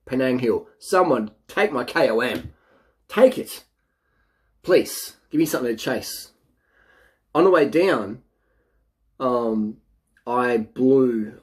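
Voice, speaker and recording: Middle-aged man, lowish pitch, blunt and boastful casual advice delivery. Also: darkish tone. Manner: blunt, boastful, mimics people in a mocking voice. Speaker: cycling vlogger.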